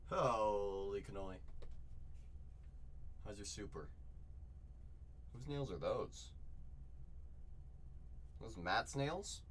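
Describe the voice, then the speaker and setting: A man hosting a live card break from a shop, excitedly chatting with viewers, repeating catchphrases and calling out their names. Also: lowish voice, very slow, long pauses, a little hiss or hum. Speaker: livestream card break host. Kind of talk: excited live sales chat.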